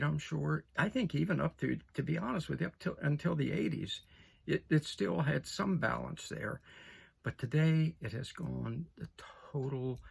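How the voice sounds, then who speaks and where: An older man with a heavily gravelly, husky voice talks straight to his listeners in an opinion monologue. He stresses his points, repeats them and keeps asking "okay?". His pitch sits a little high for a man. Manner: emphatic, repeats phrases, asks "okay?". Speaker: political commentator.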